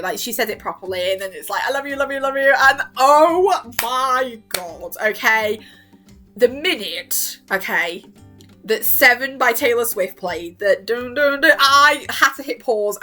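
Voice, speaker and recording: A young woman rambling excitedly as a vlogger, gushing and emotional, dropping into a soft voice to quote characters and breaking into squeals. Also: mid-range voice. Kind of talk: excited fan rambling about a TV series.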